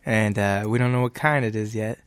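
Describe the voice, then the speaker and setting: A man's voice: on the low side, steady tone, brisk, smooth, no room sound, clean studio sound. A man co-hosting a podcast, telling stories and laughing often. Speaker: podcast co-host. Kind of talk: casual chat.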